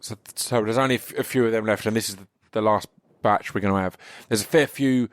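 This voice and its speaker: Croaky English male podcast host, low voice, dry close sound, rambling casual intro. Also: fairly even intonation, fast, no echo. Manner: rambling, chatty, many restarts and fillers. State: slightly croaky voice.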